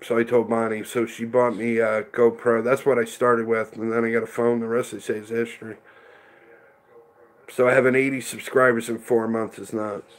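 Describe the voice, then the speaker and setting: A man's voice: mid-range voice, flat delivery, moderate pace. A middle-aged man hosting a casual livestream, chatting rambly and answering viewers by name. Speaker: livestream host reading chat.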